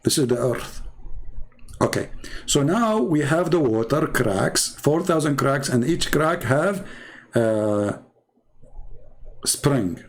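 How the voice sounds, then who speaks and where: Gravelly, husky man mocking while drawing. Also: medium pitch, animated. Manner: sarcastic, halting, many fillers and restarts. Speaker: commentator.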